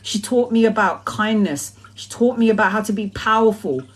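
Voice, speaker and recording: A woman's voice: medium pitch, normal speed, slightly rough. A woman giving a casual spiritual monologue, blunt, emphatic and full of swearing. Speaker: tarot reader.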